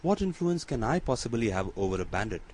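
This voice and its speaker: A man reading an earnest young gentleman. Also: medium pitch, very animated, quick pace, a little hiss or hum, lightly acted, poor audio.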